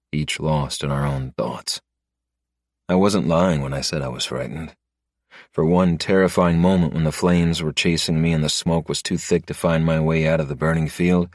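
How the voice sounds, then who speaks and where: A man narrating a first-person story in a low, steady manner. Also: no room sound, clean studio sound. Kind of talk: scripted narration.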